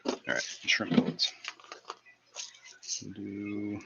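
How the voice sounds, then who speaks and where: A man's voice: on the low side, lively intonation, slow, creaky, bright, forceful tone, slight background noise. A man hosting a casual live stream from his fish room, laughing at his own jokes. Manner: giggly, keeps cracking himself up. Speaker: fishkeeping livestream host.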